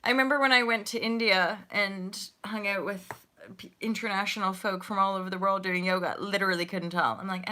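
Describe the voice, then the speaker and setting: A woman's voice: mid-range voice, fairly quick, sharp tone. A woman in her forties hosting a casual livestream chat, talking in a playful, slangy way and laughing often. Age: 40s. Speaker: livestream host.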